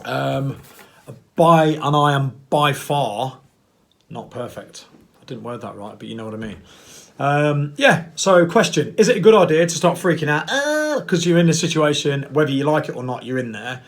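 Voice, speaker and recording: A man's voice: on the high side, big pitch swings, normal speed, vocal fry. Blunt, rambling man. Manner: rambling, blunt and self-mocking, with playful put-on voices. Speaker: vlogger. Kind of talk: casual monologue to camera.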